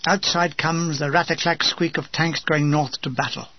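A man reading a comic wartime memoir in a wry, deadpan way, in a dull, dry, lo-fi recording. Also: on the high side, moderate pace, no echo. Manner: wry, deadpan humor with acted asides. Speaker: memoir narrator.

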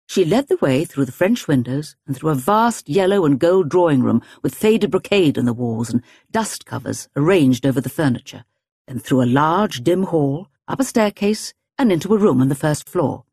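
Woman, audiobook narrator, low pitch, husky, lively intonation, wry and measured. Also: no room sound, studio quality.

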